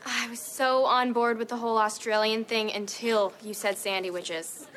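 A sarcastic, mischievous teen girl, played by a woman in a sitcom, with a fairly high voice. She teases and tosses off putdowns. Background noise from the set hums behind her. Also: fairly even intonation, normal speed, lightly acted. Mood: teasing. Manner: sarcastic, teasing.

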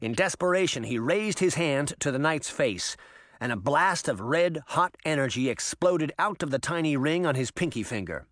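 A man giving an expressive, dramatic audiobook narration. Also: fairly high pitch, moderate pace, no room sound, studio quality. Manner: dramatic, animated reading.

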